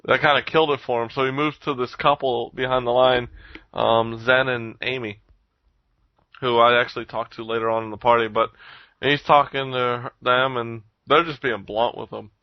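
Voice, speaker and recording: Animated swearing man on a dull recording. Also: medium pitch, moderate pace, dry recording. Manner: animated storytelling, swears a lot, acts out quotes. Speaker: podcast co-host. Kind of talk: casual chat.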